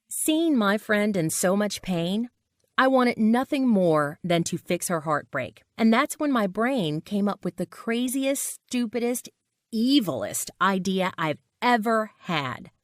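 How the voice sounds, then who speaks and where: A woman narrating a scripted personal story with dramatic flair. Her pitch moves a great deal, sitting in the middle for a woman, and the close recording is dry. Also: animated, a little slow, no echo.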